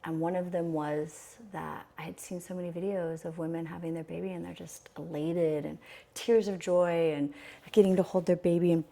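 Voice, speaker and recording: A woman's voice: lowish voice, steady tone, normal speed, creaky, warm tone. A young adult woman telling her birth story in candid, reflective conversation, often restarting her sentences.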